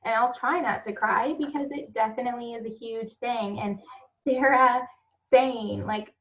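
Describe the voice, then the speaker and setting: A mother speaking on a motivational coaching call, earnest and heartfelt, soft-spoken and chatty. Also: on the high side, fairly even intonation, normal speed, rough recording.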